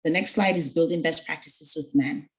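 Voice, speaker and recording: Earnest woman mentor, lowish voice. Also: normal speed, poor audio. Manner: earnest, storytelling with quoted dialogue; conversational with fillers. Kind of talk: mentoring talk to young women.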